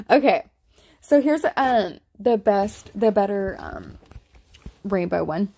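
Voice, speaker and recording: A woman's voice: mid-range voice, warm tone, breathy edge. A woman talking casually to her viewers as a spiritual vlogger, giggling often and trailing off mid-thought while walking through her pictures. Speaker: spiritual vlogger showing sky photos. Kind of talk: casual rambling commentary.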